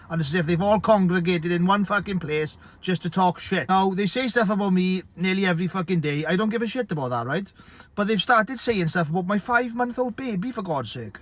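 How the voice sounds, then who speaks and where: A man's voice: high voice, fairly bright tone. A South Welsh man delivering a profane, exasperated comic monologue to camera, ranting and swearing freely. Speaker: comedy TikTok creator.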